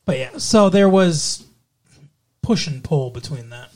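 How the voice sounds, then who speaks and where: A man's voice: fairly high pitch, expressive, slow pace, darkish tone. A man co-hosting a podcast, casually recapping a movie plot in a rambling way, full of fillers and swearing. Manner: rambling, swears freely, filler-heavy retelling. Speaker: podcast co-host.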